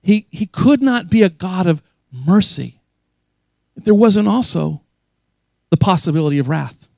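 A man's voice: high-pitched, animated, measured pace, vocal fry, darkish tone, no echo. A man preaching a sermon as pastor, earnest and emphatic, often repeating key phrases for weight.

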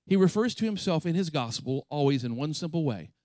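Brisk and expressive, a pastor with a darkish tone preaches an impassioned, emphatic sermon, hitting high peaks on scripture and chatting with his congregation in between. The recording carries no echo.

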